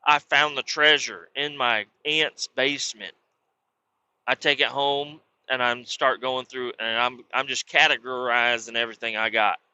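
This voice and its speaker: A man's voice: medium pitch, steady tone, unhurried, sharp tone, clean tone, lo-fi sound. A man hosting a podcast, telling a rambling, crude comic story full of swearing. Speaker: podcast host. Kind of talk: profane comedic storytelling.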